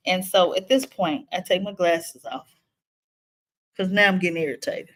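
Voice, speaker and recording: A woman, telling a personal story to camera in a lively, animated way. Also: mid-range voice, moderate pace. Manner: animated, acts out quotes, frequent laughs.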